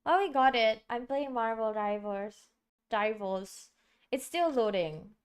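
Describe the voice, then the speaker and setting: A woman's voice: on the high side, measured pace, clean tone. A woman streaming from home, chatting casually and rambling with many fillers and restarts. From Singapore. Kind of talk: casual live-stream chat.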